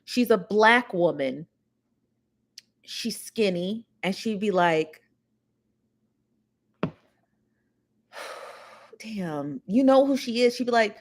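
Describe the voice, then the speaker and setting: A woman's voice: mid-range voice, animated, slow pace, pauses often. A woman hosting a casual livestream, rambling and chatty as she talks straight to her viewers. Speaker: show host.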